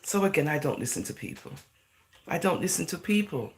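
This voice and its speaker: Woman vlogger from England, gravelly and animated; chatty, rambling delivery with a Jamaican-style lilt. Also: low-pitched, a little fast, a little hiss or hum. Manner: chatty, full of "you know" and "right?", slips into Jamaican-style phrasing. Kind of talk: casual talking-to-camera monologue.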